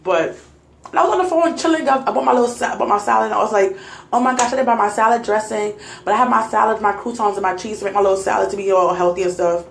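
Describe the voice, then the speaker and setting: A woman's voice: mid-range voice, quick pace, gravelly, echoey room, slight background noise. A young adult woman vlogger, shaken and laughing nervously, retelling a scary night to her viewers on a phone. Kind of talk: casual storytelling to viewers.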